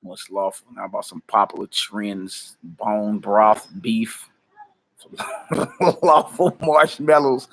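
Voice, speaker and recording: A man's voice: on the low side, flat delivery, slow, vocal fry. A man hosting a casual ministry livestream, greeting viewers by name, hyping them up and laughing often. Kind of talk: casual livestream chat before prayer.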